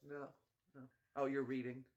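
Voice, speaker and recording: A man's voice: mid-range voice, darkish tone, muffled recording. A man co-hosting a let's play in casual banter, jokey and laughing often.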